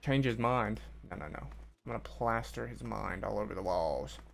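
A man's voice: fairly low pitch, moderate pace, gravelly, slight background noise. A man streaming a video game, trash-talking the characters in mock outrage. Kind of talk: casual gameplay commentary.

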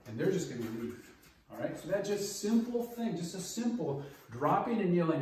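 A man's voice: fairly high pitch, expressive, brisk, darkish tone. A middle-aged man teaching a hands-on safety class as a martial arts instructor, coaching and checking in with "okay?" as he demonstrates. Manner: coaching, repeats key steps, brief checks like 'okay?' and 'all right?'. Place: large martial arts training room. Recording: very echoey room, distant mic, faint noise.

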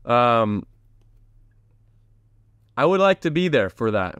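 A man's voice: mid-range voice, big pitch swings, takes it slowly, pauses often, fairly bright tone, clear, resonant tone, dry recording, clean studio sound. A man hosting a casual solo podcast, chatting in a rambling way, jumping between tangents and talking straight to his viewers. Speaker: podcast host.

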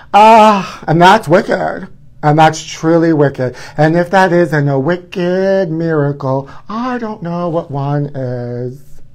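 A man's voice: on the high side, slow, a little mellow. A man hosting a live stream, chatting in a campy, gossipy way and calling his viewers honey. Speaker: livestream host.

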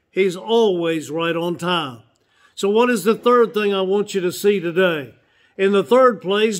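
A man, preaching a sermon as pastor, earnest and slowing down to repeat key phrases for emphasis. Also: high-pitched.

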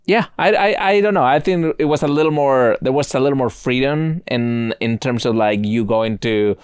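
Smooth-voiced man with a Spanish accent. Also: mid-range voice, moderate pace, no room sound. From Spain. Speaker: podcast host. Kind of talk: casual chat.

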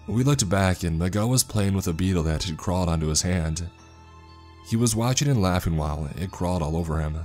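A male narrator reading a horror story aloud in a steady, matter-of-fact way. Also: low voice, a little fast, faint music behind.

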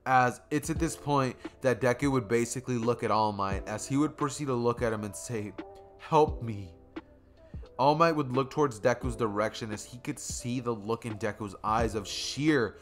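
A young man narrating a fan story in a casual, rambling storytelling style with repetitive phrasing. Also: mid-range voice. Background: faint music.

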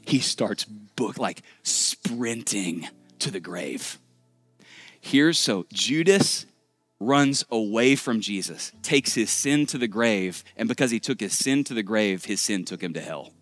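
A male pastor from Texas preaching a sermon to a big church room in a conversational, joking, animated way. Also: lowish voice, slow, no echo, soft background music. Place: large church auditorium.

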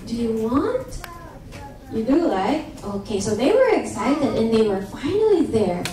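A woman tells a children's story to a church congregation in a slow, animated voice, often turning to ask the children questions. Her high, mellow voice swoops up and down. She is heard from far off in a big echoey church hall, with faint hiss behind her. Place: large church sanctuary.

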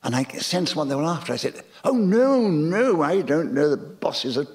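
A man's voice: on the high side, moderate pace. An older English man, a guest in a stage conversation, telling anecdotes animatedly and acting out the voices of people in them. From England. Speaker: interviewed guest.

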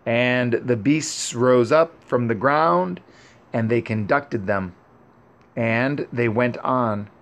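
A man reading an ancient scripture narrative aloud in a solemn, measured way. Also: mid-range voice. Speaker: reader.

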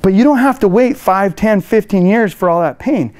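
A man giving a motivational customer service training talk to a live room, energetic and playful, acting out phone calls. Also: sits high, moderate pace.

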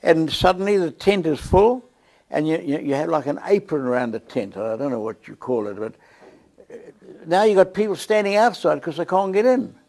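A man with a South African accent telling a lively testimony story to a church, acting out the scenes as he goes. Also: a little high, moderate pace. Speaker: guest preacher.

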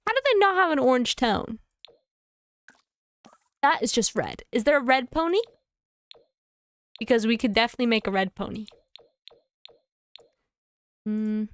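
A woman streamer chatting casually to herself and her audience while playing a game, thinking aloud with quick asides. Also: fairly high pitch, big pitch swings, clear, resonant tone, no echo.

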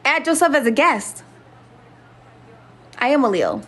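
Brash high-voiced woman hosting a livestream. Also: wildly swooping pitch, a little slow, a bit bright. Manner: brash, boastful and profane, addressing viewers. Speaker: livestream host. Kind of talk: casual livestream chat.

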